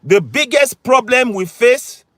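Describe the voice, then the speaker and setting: A man's voice: very high-pitched, sing-song, slow pace, fairly bright tone, no room sound, clean studio sound. A man from Nigeria with a Nigerian accent, delivering an impassioned political monologue to camera outdoors near a car park. He is emphatic and repetitive, hammering his points home with rhetorical questions. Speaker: political activist vlogger.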